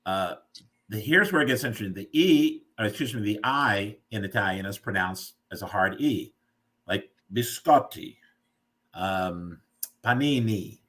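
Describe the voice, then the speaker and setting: A man's voice: lowish voice, lively intonation, a little slow, fairly bright tone. A man hosting a casual live video chat who playfully explains food words like a teacher. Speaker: host. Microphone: video call.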